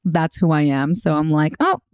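Low, mellow-voiced woman co-host. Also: moderate pace, no room sound, clean studio sound. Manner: animated, filler-heavy. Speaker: podcast co-host. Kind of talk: casual recap chat.

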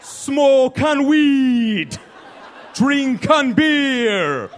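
A stand-up comedian doing an impression of a boisterous male reggae star in a put-on Jamaican accent, making slow, preachy proclamations on stage. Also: very high voice, lively intonation, a little hiss or hum, pitched above the performer's own voice, heavily acted. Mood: boastful. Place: live comedy venue.

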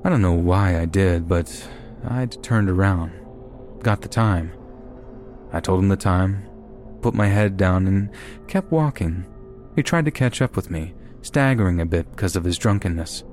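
Deep-voiced man narrating horror stories. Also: lively intonation, a little slow. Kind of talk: scripted narration of reader-submitted horror stories. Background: soft background music.

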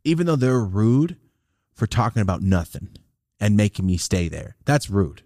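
A man co-hosting a podcast, telling stories in a casual, profane, animated way, jumping into loud high-pitched outbursts when he quotes people. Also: moderate pace, dry recording, clean studio sound. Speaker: podcast co-host.

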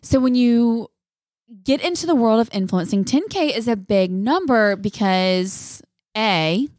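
A woman in her thirties co-hosting a podcast, chatty, animated and jokey, sipping wine as she talks. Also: a little high, a little slow, no room sound, clean studio sound. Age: 30s. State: drinking wine. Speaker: podcast co-host. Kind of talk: casual chat.

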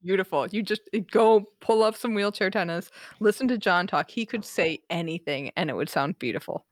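A woman's voice: on the low side, a little fast, no echo, studio quality. A woman co-hosting a podcast, chatting casually and laughing easily with her co-host. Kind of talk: casual chat.

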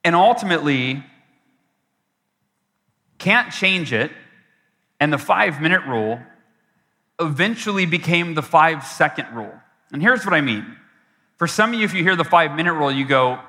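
A man's voice: fairly high pitch, animated, moderate pace, long pauses, sharp tone. A man giving a motivational keynote and telling a story, acting out his own past voice with big swings. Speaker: keynote speaker. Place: large event hall. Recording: long hall reverb from a live event.

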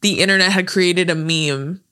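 A woman's voice: fairly low pitch, moderate pace, pushed and bright, clean tone. A young woman co-hosting a podcast in casual chat, swearing freely, laughing a lot and quoting movie lines. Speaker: podcast co-host.

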